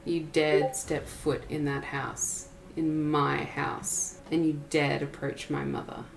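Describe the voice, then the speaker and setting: A woman's voice: low voice, little pitch movement, takes it slowly, gravelly, exaggerated voice, rough recording. A woman voicing a bitter young man who confronts the father who abandoned him, speaking coldly and with contempt. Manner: cold, contemptuous, menacing.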